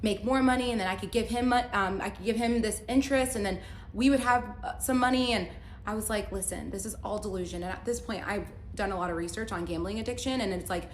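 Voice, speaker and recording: A woman's voice: medium pitch, quick pace. A young woman telling a personal story in a casual, chatty way, full of "like" fillers and acted-out dialogue, in an echoey room. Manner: chatty, heavy use of "like" fillers, acts out quoted dialogue. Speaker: storyteller recounting a relationship. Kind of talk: casual story-time vlog. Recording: echoey room with faint noise.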